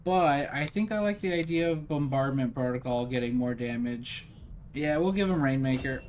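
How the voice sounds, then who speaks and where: A man's voice: a little high, moderate pace, a little mellow, slight background noise. A man casually commenting while he plays a strategy game, rambling and self-deprecating as he thinks aloud. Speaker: gaming streamer. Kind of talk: casual let's-play commentary.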